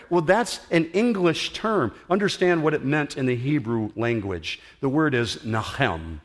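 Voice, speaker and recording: A middle-aged man, a pastor, preaching a sermon in an auditorium, earnest and emphatic with dramatic pauses. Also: a little high, lively intonation.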